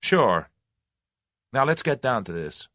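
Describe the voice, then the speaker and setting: A man's voice: medium pitch, big pitch swings, takes it slowly, a bit bright, no echo, clean studio sound, voice pushed up. A man voicing a brash, confident young man with a breezy, direct way of talking. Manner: breezy, direct, folksy slang.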